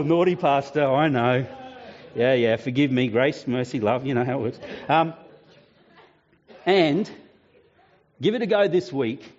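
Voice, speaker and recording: A man preaches a sermon in a fairly high voice. He tells his stories with animation and often restarts his sentences. The recording sounds dull and lo-fi. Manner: animated storytelling, with frequent restarts. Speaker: pastor.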